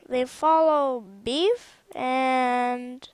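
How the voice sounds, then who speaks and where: A woman's voice: high-pitched, expressive, a little slow, fairly bright tone, dry recording. A woman giving casual gameplay commentary on her own game mod, rambling and chatty and often stopping to correct herself.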